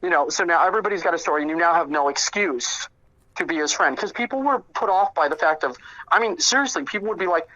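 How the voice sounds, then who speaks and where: A man's voice: fairly high pitch, animated, fast talker, bright, forceful tone, lo-fi sound. A man telling stories about an old friend in a casual interview, rambling with many fillers and restarts. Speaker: interview guest, friend recounting memories.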